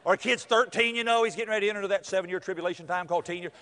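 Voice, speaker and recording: Guy preaching in a big echoey hall, high voice, jumps all over the place telling stories. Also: very fast, pushed and bright, a little hiss or hum. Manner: storytelling with acted-out quotes and big pitch swings. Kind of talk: sermon. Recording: hall reverb.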